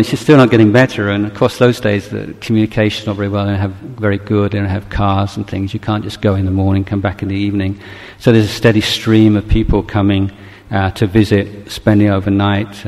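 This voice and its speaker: Low, flat-voiced male Buddhist teacher. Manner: gentle, halting, reflective. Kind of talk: dharma talk with storytelling. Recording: long hall reverb.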